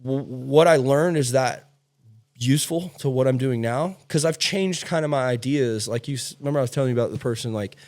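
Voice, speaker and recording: In a casual podcast chat, the male host tells blunt, animated stories and swears without restraint. His voice is mid-range and his delivery brisk.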